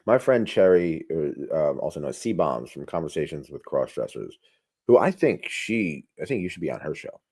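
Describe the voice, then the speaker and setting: A man hosting a podcast interview, chatty and encouraging, with quick affirmations. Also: very deep voice, big pitch swings, a little mellow, breathy edge. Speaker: podcast host. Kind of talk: casual interview talk.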